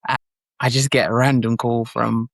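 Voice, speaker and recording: A young man who is an actor, talking casually in an interview with many fillers and lively retellings. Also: mid-range voice, normal speed, creaky, dry recording.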